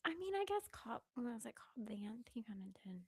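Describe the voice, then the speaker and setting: A young Southern American woman chatting on a live stream with a fairly high voice. She giggles a lot and slips into whispered asides between her chatter. The sound is dry and close, with no room around her. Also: very animated, a little fast, breathy edge, no echo. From Southern United States. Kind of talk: casual live stream chat.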